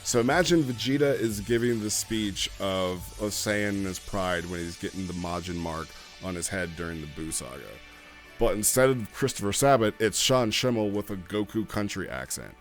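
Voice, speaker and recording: Male host, casual off-the-cuff talk, rambling with frequent restarts, lower pitch. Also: lively intonation, normal speed, soft background music. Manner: rambling, many fillers and restarts. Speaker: roleplay community host. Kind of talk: casual talk on roleplay writing.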